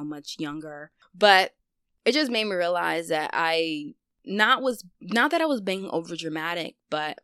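A young woman candidly telling a personal story on her vlog, chatty and full of fillers, dropping to a hush on the hard parts. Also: deep voice, no echo, studio quality. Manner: candid, conversational, heavy use of fillers. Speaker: vlogger.

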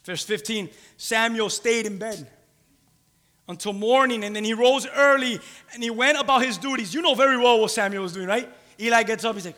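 A man's voice: extremely high pitch, a little fast, pushed and bright. A man preaching a sermon, emphatic and repeating key phrases for weight. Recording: long hall reverb.

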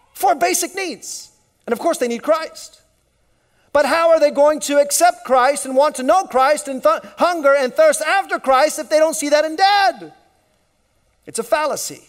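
Male pastor, very high voice, storytelling sermon, faint music underneath. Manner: storytelling with sudden drops to a hush.

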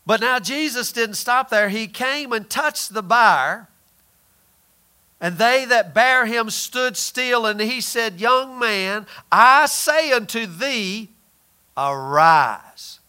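Bright high-voiced male preacher. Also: smooth. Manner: asks the listeners questions and answers them himself; drawls some phrases slowly for emphasis. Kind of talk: sermon.

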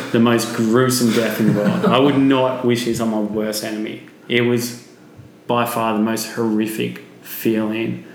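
A man's voice: fairly low pitch, slight background noise. A man being interviewed as a podcast guest, telling a vivid personal story and swearing freely. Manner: vivid, swearing, acts out quotes. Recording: echoey room.

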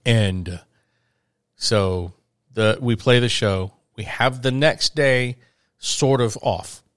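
A man's voice: mid-range voice, takes it slowly, a bit bright, dry recording, clean studio sound. A man telling a story in casual chat, rambling with fillers and restarts.

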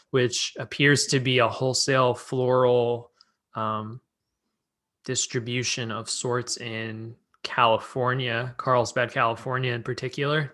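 A man hosting a casual chat, reading through his notes on a skate video and cracking jokes. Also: mid-range voice. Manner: relaxed, jokey, reads from notes. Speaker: podcast host.

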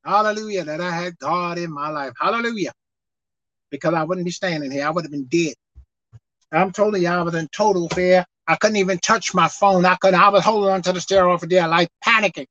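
High-voiced, impassioned male preacher. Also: steady tone, fast talker, dull audio. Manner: impassioned, swings from low murmurs to shouts; folksy, conversational preaching. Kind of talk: sermon.

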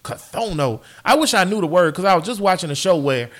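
A man hosting a podcast in casual chat, animated and profane. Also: high voice, a little fast. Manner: animated, profane, laughs often. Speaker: podcast host.

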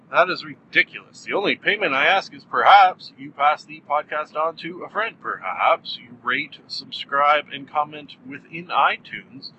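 A man rambles through his own podcast intro in a bright, forceful voice pitched a little high. He is goofy and self-mocking, breaking into loud exclamations. A faint hiss sits behind him. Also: moderate pace, muffled recording. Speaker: podcast host. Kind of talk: casual solo podcast monologue.

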